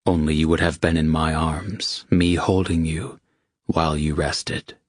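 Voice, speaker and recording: Narrator as possessive male lover, commanding, deep, husky, low murmur, dry close sound. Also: little pitch movement, unhurried, no room sound. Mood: stern.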